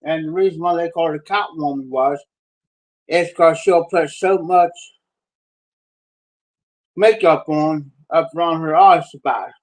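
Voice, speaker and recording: A middle-aged man telling a rambling, folksy story on a live stream, with pauses and restarts. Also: fairly high pitch, low-quality recording. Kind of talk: casual spoken storytelling.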